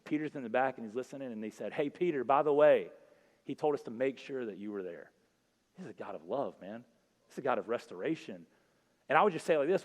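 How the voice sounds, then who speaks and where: A man giving an Easter sermon, telling a story in a conversational, earnest way and then leading a prayer. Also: medium pitch. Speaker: pastor. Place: church sanctuary. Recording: church hall reverb with faint music.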